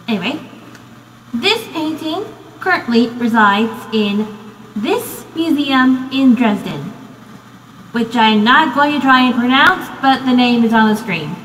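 A young American woman, a student, narrates a casual video essay in a high, slightly bright voice, rambling with plenty of "um" and "you know." The room is echoey with a long reverb, and a faint hiss or hum sits underneath.

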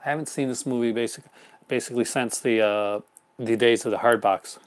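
A man's voice: medium pitch, steady tone, brisk. A man hosting a live unboxing stream in casual chat, rambling and chuckling often. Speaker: host.

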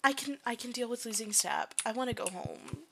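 A woman's voice: on the high side, a little fast, background noise. A young woman giving casual, self-deprecating commentary while playing a game, laughing often. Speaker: gaming video creator. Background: keyboard clicks and typing.

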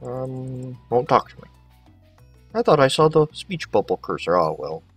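A man's voice: mid-range voice, sing-song, unhurried, slightly rough, no echo, recorded from a distance, faint music behind. A man giving casual gameplay commentary, chatting to the characters as he plays. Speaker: let's play host.

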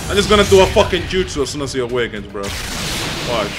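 A young man doing live gameplay commentary, profane and trash-talking, with animated reactions. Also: medium pitch, fast talker. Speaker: gaming commentator. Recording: loud game music behind. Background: game music.

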